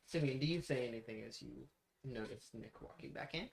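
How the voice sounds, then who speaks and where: A man's voice: mid-range voice, brisk, vocal fry, slight background noise. A man running a tabletop horror game as game master, laughing often and exasperated at his players.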